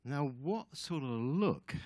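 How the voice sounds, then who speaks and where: A man as guest speaker giving a sermon, telling the story in an animated way with chatty asides to the audience. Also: mid-range voice, takes it slowly, no room sound.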